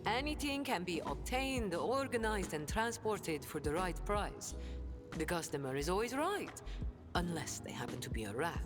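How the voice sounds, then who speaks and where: A woman voicing a sly, worldly smuggler-trader who keeps up a refined front, in a theatrical video game delivery with hushed asides. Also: lowish voice, big pitch swings, normal speed. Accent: non-standard accent. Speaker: game companion character. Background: game music.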